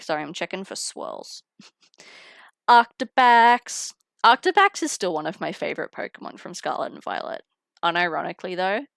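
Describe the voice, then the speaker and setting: A woman's voice: on the low side, creaky, dry recording, studio quality. A young woman chatting casually on a live stream while opening trading cards, giggling and greeting viewers through a headset mic. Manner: chatty, giggly, talks to chat while unboxing. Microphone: headphones with mic.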